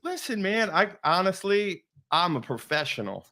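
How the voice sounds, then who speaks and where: High, bright, animated male host. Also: normal speed. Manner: animated storyteller, acts out quoted dialogue. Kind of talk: energetic show introduction.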